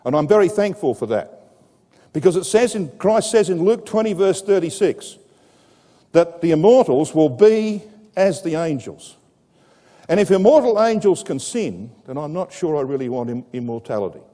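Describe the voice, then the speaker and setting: A man preaching a sermon to a congregation, telling a scripture story with dramatic rises and a lively, animated delivery. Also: on the high side, moderate pace. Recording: echoey hall with long reverb.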